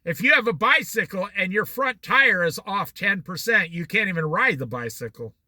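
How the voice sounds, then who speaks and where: Bright, high-voiced folksy man. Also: animated, moderate pace, no echo. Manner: folksy, repeats points for emphasis. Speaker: speaker. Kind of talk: motivational talk.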